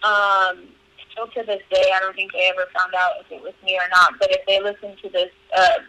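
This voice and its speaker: A woman's voice: medium pitch, level tone, brisk, pushed and bright, no echo, rough recording. A young woman guest on a podcast, telling stories in a candid, profane way full of "like" fillers. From California. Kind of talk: casual storytelling interview.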